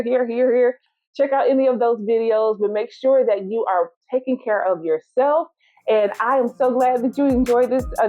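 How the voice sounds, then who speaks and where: A woman hosting her own solo podcast as a law firm owner, talking casually and encouragingly to listeners and telling stories. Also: fairly high pitch. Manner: encouraging, storytelling, direct address. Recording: tinny phone-like sound.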